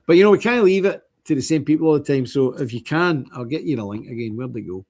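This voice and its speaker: A man's voice: medium pitch, expressive, fast talker, darkish tone. A Scottish man hosting a livestream from an indoor chapter house, talking bluntly and emphatically in a preachy monologue. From Scotland. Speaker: livestream host.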